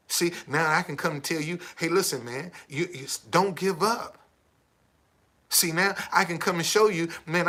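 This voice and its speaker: A man's voice: a little high, sharp tone, breathy edge. A man in his seventies with a missing tooth, ranting emphatically and swearing often on a live stream. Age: 70s. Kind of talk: profane motivational rant.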